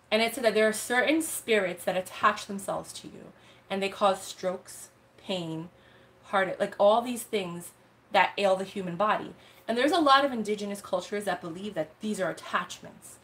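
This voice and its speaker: A young woman hosting a livestream, chatting casually and telling a story with lots of slang and animated asides. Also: medium pitch. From United States. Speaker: live sale host.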